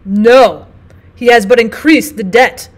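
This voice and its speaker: A woman voicing a bitter old male physician bent on revenge, speaking loudly and sternly in old-fashioned words. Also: fairly high pitch, animated, moderate pace, natural voice. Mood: grim.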